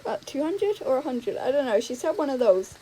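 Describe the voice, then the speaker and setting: A woman's voice: high-pitched, very animated, brisk, warm tone, a little hiss or hum, rough recording. A young woman telling gaming stories in a chatty, giggly way, full of "like" and "um". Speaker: gaming YouTuber. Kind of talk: casual storytelling over gameplay.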